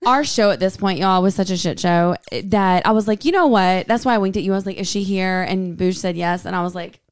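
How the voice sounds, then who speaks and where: Animated woman storyteller. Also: medium pitch, fairly quick, clean tone, no echo, clean studio sound. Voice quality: animated storyteller who laughs often. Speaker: podcast co-host. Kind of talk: casual chat.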